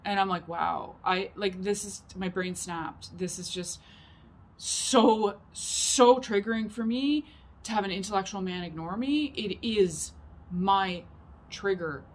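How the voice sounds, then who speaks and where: A woman's voice: medium pitch, unhurried. A woman vlogger telling a personal story to camera, rambling and emphatic, with many fillers. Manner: rambling and emphatic, heavy use of "like".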